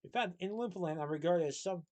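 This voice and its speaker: A man's voice: sits high, rapid-fire, darkish tone, lightly acted. A man doing a huffy, pompous little Oompa Loompa. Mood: indignant. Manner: huffy, haughty and scolding. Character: pompous indignant tiny male Oompa Loompa.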